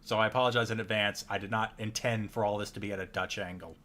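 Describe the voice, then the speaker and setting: A man's voice: fairly low pitch, fairly even intonation, fast, fairly bright tone. A man co-hosting a casual chat, telling trip anecdotes over his own video footage with a chatty, laughing manner. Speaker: co-host.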